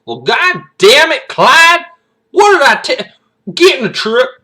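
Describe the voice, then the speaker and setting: A man's voice: very high voice, wildly swooping pitch, measured pace, pushed and bright, pitched above the performer's own voice, full character voice. A man imitating a rowdy young Southern country man, with an American Southern accent and a hollering, twangy delivery. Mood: exasperated.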